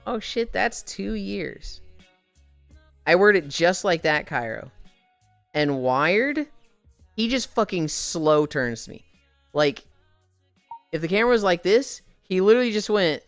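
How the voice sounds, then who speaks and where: A woman streamer chatting casually while walking on a treadmill, telling animated, profane stories and sounding tired. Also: lowish voice, measured pace, long pauses, clear, resonant tone, dry recording, soft background music.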